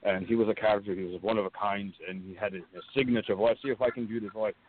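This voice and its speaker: A man being interviewed as a guest, telling stories in an earnest, measured way over the phone. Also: on the low side, fairly even intonation. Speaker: guest wrestler and coach. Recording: tinny phone line with hiss.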